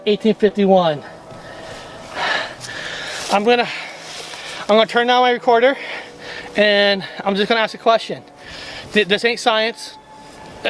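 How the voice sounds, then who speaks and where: A man's voice: sits high, a bit bright, slight background noise, poor audio. A man hosting a ghost-hunting vlog, talking bluntly and casually outdoors in hillside woods, out of breath from the climb. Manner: blunt, chatty, swears casually. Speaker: ghost-hunting show host. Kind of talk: casual on-site vlog talk.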